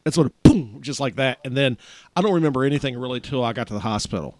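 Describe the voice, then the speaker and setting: A man's voice: mid-range voice, animated, fast, a little mellow, dry recording. A man casually telling a personal story to friends, rambling with restarts.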